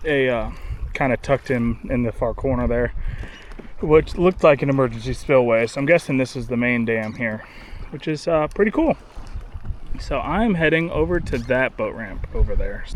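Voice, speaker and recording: A man's voice: mid-range voice, a little hiss or hum. A man narrating a casual travel vlog outdoors from a kayak, upbeat and rambling, with lots of "uh" fillers. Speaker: vlogger on a kayak trip.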